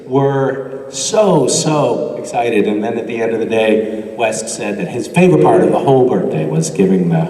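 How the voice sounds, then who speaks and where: A man's voice: lowish voice, lively intonation, normal speed, dark tone, distant mic. A man answering fan questions on a convention panel, rambling and self-deprecating, laughing often. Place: large convention hall. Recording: echoey convention hall, mic picked up from afar.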